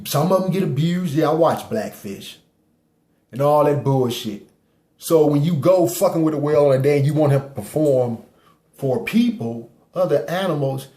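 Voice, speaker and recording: A man's voice: a little high, dark tone, echoey room. A man giving a heated, profane opinion rant, blunt and argumentative, firing off rhetorical questions. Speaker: vlogger ranting to camera.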